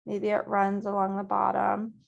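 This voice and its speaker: A woman teaching a virtual painting class, guiding students gently step by step at a close mic. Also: medium pitch, monotone, normal speed, creaky, muffled recording. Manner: gentle, encouraging step-by-step guidance. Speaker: painting instructor.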